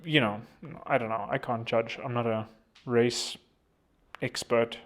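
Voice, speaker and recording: A man's voice: mid-range voice, fairly even intonation, a little slow, fairly bright tone. A man from South Africa rambling through casual commentary, sarcastic and digressive, often interrupting himself with asides. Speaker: commentary vlogger.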